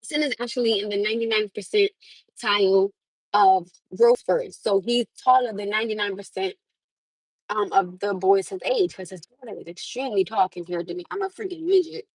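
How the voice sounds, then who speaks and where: Husky-voiced woman telling a story live. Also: mid-range voice, moderate pace, no echo, low-quality recording. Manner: animated, laughs often, swears. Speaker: livestream host. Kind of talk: casual storytelling to viewers.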